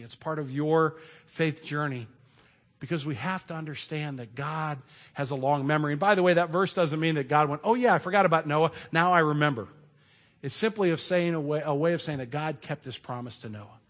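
Middle-aged guy preaching, chatty storytelling, voice sits a bit high. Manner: conversational storytelling, with asides and restarts. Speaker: pastor. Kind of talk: sermon.

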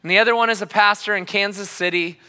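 A pastor in his thirties delivers a sermon, moving from hushed to fervent as he tells his story. His voice is bright, a little high and smooth. It rings out with a long reverb in a church hall. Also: fairly even intonation, racing. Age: 30s. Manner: passionate storytelling, swings between quiet and loud.

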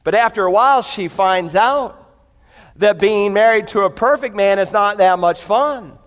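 Before a live congregation in church, a male pastor delivers a sermon built on storytelling, frequently speaking straight to the people. His high voice is clear and smooth, moving at a moderate pace, with the long reverb of a big church hall around it.

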